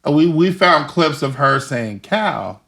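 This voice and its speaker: A young man speaks as an interview guest with a bright, gravelly voice pitched a bit high. He tells his stories with lots of animation and laughter, putting on the voices of the people in them. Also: lively intonation, slow. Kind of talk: casual storytelling interview.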